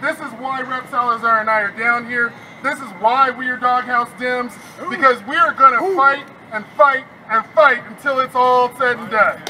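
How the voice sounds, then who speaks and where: A man's voice: very high-pitched, fairly even intonation, normal speed, few pauses, pushed and bright, slight background noise, low-quality recording. A man, a state legislator, giving a fiery, rousing rally speech outdoors while frustrated.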